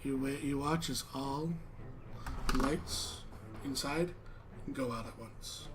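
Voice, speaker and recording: A man's voice: mid-range voice, slow, background noise. A man narrating a tabletop game as game master, describing scenes to the players.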